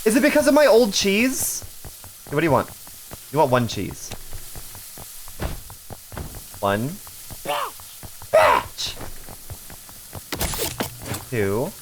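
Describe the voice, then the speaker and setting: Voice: medium pitch, huge pitch swings, drawn-out words, long pauses, slight background noise. A streamer playing a cooking game live, bantering and swearing at chat with frequent laughter.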